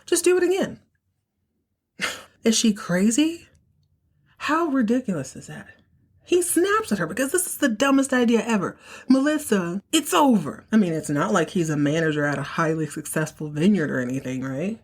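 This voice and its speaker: A young woman with a slightly low-pitched voice recaps a soap opera episode in a loose, chatty way. She is sassy and playful, and she jumps into exaggerated voices to act out lines. Her delivery sounds like a relaxed podcast host talking straight to her listeners. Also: normal speed. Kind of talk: casual recap monologue.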